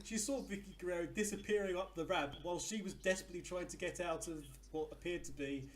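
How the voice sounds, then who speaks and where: A man's voice: high-pitched, quick pace. A man co-hosting a casual podcast, recapping a wrestling event step by step with frequent fillers. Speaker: podcast co-host.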